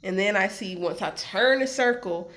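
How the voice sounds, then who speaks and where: A woman's voice: medium pitch, moderate pace. A woman vlogging about her trip, telling a story in a casual way and acting out the people she talks to. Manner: animated retelling, acts out quoted exchanges. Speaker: travel vlogger.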